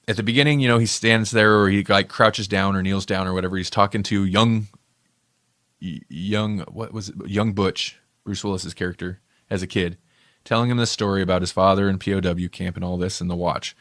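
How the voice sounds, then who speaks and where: Talking loosely about a film with his podcast co-host, this man has a deep, fairly bright voice with fairly even intonation and a slightly fast pace. He wanders and self-corrects, recorded dry with clean studio sound.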